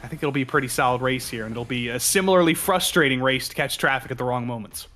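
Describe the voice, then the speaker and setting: A man's voice: mid-range voice, fast, fairly bright tone. A man giving color commentary on a racing broadcast, chatty and joking as he breaks down the track.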